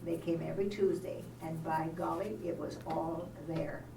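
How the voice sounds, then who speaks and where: A woman's voice: deep voice, steady tone, moderate pace, creaky. An older woman from Canada in the audience, telling a personal story in a hesitant way with many ums and uhs. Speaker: audience member. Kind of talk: casual storytelling. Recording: roomy sound from far off, noisy.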